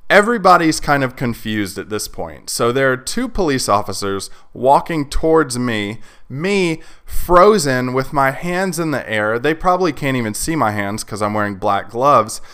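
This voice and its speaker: Smooth-voiced man telling a story. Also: medium pitch, animated, moderate pace, few pauses, fairly bright tone. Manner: chatty, lots of fillers like "like" and "you know". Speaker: podcast host. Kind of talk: casual storytelling.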